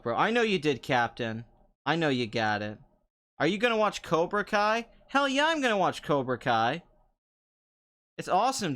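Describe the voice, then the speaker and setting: A man's voice: a little high, a bit bright. A young man hosting a casual chat show, answering viewer comments in a sarcastic, rambling way and laughing often. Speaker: podcast host.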